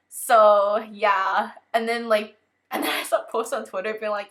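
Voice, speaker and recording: A woman's voice: medium pitch, fairly even intonation, normal speed, a bit bright. A young woman vlogging in a casual unboxing chat, talking loosely and filling nearly every phrase with "like". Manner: chatty, fills with "like" constantly.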